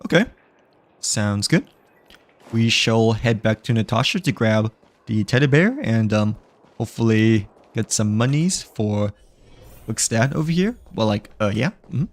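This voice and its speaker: A man's voice: lowish voice, expressive, measured pace. A man giving casual gameplay commentary, rambling with many fillers and little chuckles. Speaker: gamer.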